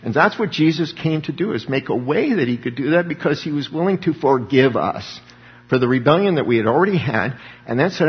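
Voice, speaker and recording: Male pastor, husky, conversational sermon with voiced quotes, dull lo-fi hall recording. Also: on the high side, lively intonation, a little fast. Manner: conversational preaching, acting out quoted speakers. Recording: dull lo-fi sound with long hall reverb.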